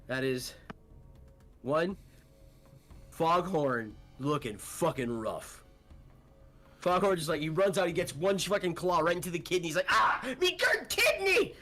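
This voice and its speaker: A man's voice: fairly high pitch, unhurried, long pauses, soft background music. A young man running a tabletop game as game master, rambling and swearing as he narrates.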